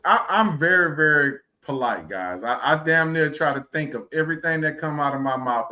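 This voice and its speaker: A bright, forceful voice sitting a bit high for a man, with a Houston accent. He talks earnestly in a casual podcast chat, explaining at length with quick asides. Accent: Southern US, Houston. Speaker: podcast co-host.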